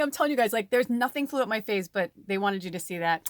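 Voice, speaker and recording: A chatty woman talks her viewers through a spiritual reading in a loose, animated way, swearing casually as she goes. Her voice sits in a middling register and sounds dry and close, with no room around it. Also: medium pitch, fairly quick, no room sound. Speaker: spiritual reader.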